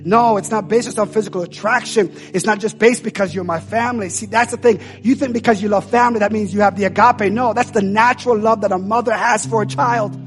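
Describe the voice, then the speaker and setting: A man's voice: high voice, steady tone, fairly quick, hardly any pauses, soft background music. A man preaching an impassioned sermon, urging his congregation on with repeated calls.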